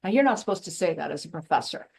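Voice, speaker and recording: A woman guest, once a professor, speaking in a blunt, emphatic and animated way in a passionate interview conversation. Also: lowish voice, very fast, vocal fry, breathy edge. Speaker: guest, former professor and intuitive.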